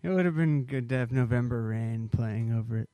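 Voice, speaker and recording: A man's voice: mid-range voice, fairly quick, warm tone, clean tone, no echo. A man co-hosting a casual film podcast, chiming in with short replies and corrections. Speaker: podcast co-host.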